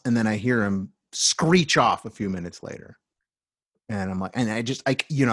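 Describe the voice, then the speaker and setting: Profane, animated man telling a story. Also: mid-range voice, no room sound, studio quality. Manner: animated, swearing, many restarts. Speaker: storyteller in a talk.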